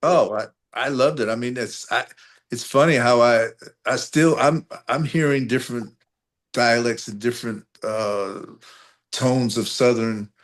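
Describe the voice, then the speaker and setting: A man's voice: mid-range voice, a little slow. A man from North Carolina, a guest poetry performer, chatting easygoingly on a video call with folksy sayings. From North Carolina, USA. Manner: relaxed storyteller, folksy sayings and chuckles. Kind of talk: casual video-call interview.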